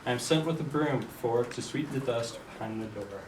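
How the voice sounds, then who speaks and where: A man reciting rhymed verse as Puck on an amateur stage, in a measured, rhythmic way. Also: mid-range voice. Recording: echoey room, distant mic, noisy.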